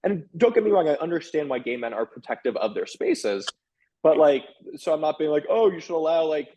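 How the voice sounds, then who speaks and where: Frank, animated man talking candidly. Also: a little high, lo-fi sound. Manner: animated, frank, quick restarts and "like" fillers. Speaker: author and sex columnist, guest. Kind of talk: candid conversational interview.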